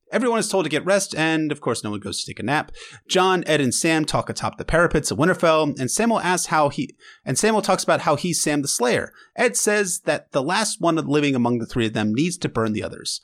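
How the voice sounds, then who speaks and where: A man recaps an episode for his podcast in loose, casual chat, his voice sitting a bit high and bouncing through a wide, animated range. He mixes wry, sarcastic asides with frank emotional gushing. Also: brisk. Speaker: podcast host.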